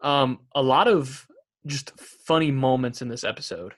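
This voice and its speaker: A man's voice: mid-range voice, measured pace. A man co-hosting a podcast, chatting casually and reading out funny quotes from a show with a laugh. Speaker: podcast co-host. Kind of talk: casual chat.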